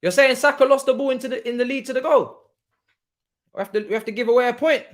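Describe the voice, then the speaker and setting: A young man hosting a live football watchalong, talking in an excitable, slangy way, laughing often and swinging from loud outbursts to quiet asides. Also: extremely high pitch, quick pace. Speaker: livestream watchalong host.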